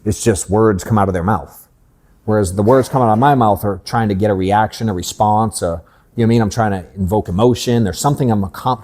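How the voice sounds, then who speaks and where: A man's voice: fairly low pitch, darkish tone. A man in his thirties, a sales coach hosting a workshop in his office, talking bluntly and candidly and swearing casually.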